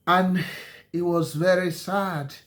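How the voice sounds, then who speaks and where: A man telling a story in a halting way, with many ums and self-corrections and slow dramatic phrasing. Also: sits high, fairly even intonation, a bit bright. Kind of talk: spoken storytelling.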